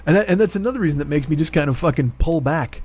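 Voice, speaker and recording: A man's voice: a little high, lively intonation, rapid-fire, darkish tone. A man in his forties hosting a solo comedy monologue, ranting in a profane, rambling, exasperated way. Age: 40s. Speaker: comedian host.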